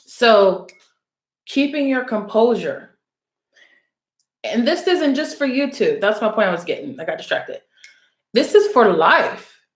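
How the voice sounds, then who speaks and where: A woman's voice: a little high, lively intonation, unhurried, long pauses. A woman talking to her viewers as a spiritual reader in a casual, rambling monologue. She is blunt, teasing and profane, and calls her audience out. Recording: roomy, echoey room sound.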